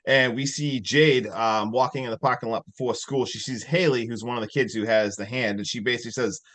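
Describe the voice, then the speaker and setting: Excitable man recapping a horror movie. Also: mid-range voice, brisk. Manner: excitable storytelling, loose and profane. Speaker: podcast host.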